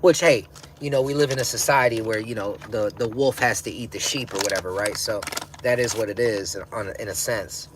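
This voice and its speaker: A man's voice: fairly low pitch, brisk, background noise. Rambling stoned guy chatting on a livestream. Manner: rambling, slangy, laughs often. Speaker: livestream host. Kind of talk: casual livestream chat, reading comments.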